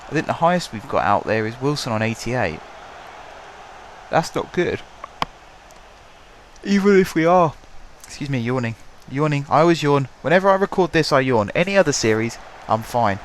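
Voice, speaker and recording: A young man with a hoarse voice, chatting casually and calling the action play by play as he commentates his own football management game at home. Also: mid-range voice, lively intonation, fast, hardly any pauses, a little hiss or hum. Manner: chatty, wry, calls the match play by play. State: hoarse from shouting. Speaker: gaming channel host.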